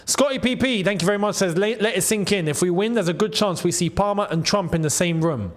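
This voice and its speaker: A young man hosting a casual live football watchalong, excitable and bantering, laughing often. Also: high-pitched, quick pace. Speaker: football channel host.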